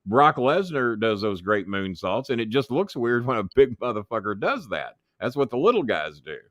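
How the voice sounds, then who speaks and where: A man's voice: mid-range voice, big pitch swings, normal speed, a bit bright, no echo, dull audio. A middle-aged man, telling profane wrestling stories in an interview, acting out voices and laughing as he goes. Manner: swears freely, acts out others' voices, laughs mid-story. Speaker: wrestling manager and commentator guest.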